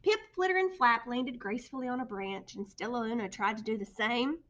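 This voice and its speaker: Woman reading a storybook aloud, expressive, bright and a bit high. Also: a little fast, highs cut off. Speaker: storybook reader. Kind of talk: children's book read-aloud.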